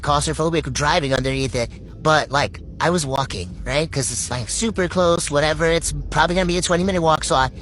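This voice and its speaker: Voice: medium pitch, a bit bright, slight background noise. A young adult from Puerto Rico telling a story to camera in a rambling, swearing, filler-heavy way. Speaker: TikTok storyteller. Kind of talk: casual storytime monologue.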